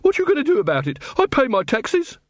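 A man doing a shrill, grasping fat shopkeeper. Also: wildly swooping pitch, fast, no room sound, studio quality, exaggerated voice. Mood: indignant. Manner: shrill, complaining.

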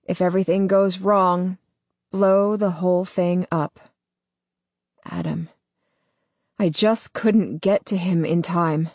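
Woman, audiobook narration, lowish voice, measured, dry close mic. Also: fairly even intonation, darkish tone, no room sound. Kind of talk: first-person audiobook narration.

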